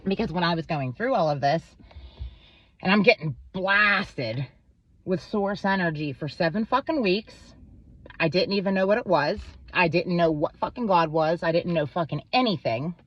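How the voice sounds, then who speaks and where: A woman's voice: fairly low pitch, lively intonation, moderate pace, dry recording, highs cut off. A woman vlogger in a rambling, profane monologue to camera, full of fillers. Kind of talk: casual ranting monologue to camera.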